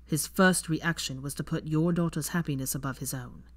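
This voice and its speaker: A fan fiction reader voicing a protective, intense young man in low, hushed tones. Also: normal speed, no room sound, natural voice. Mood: cold.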